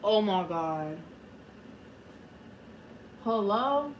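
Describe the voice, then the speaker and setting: A young woman, livestreaming from her home kitchen, loud and animated, swearing as she rambles. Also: mid-range voice, very slow, lo-fi sound, a little hiss or hum. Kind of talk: casual live stream chat.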